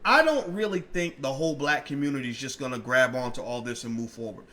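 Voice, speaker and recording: A man's voice: medium pitch, quick pace, pushed and bright. A middle-aged man giving blunt, profane political commentary straight to his audience, acting out both sides of imagined arguments. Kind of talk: direct-to-camera political commentary.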